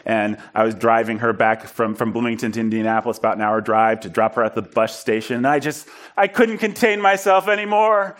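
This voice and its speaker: A man preaching in a storytelling style, animated and self-deprecating, acting out bits of dialogue. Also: fairly low pitch, brisk, few pauses. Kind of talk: storytelling sermon.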